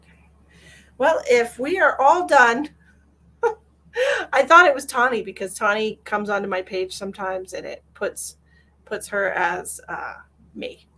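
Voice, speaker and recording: A woman's voice: on the high side, lively intonation, unhurried, pauses often, bright, forceful tone. A woman psychic medium on a live stream, answering viewer comments in a blunt, lecturing way and repeating phrases for emphasis. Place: at home with her cat.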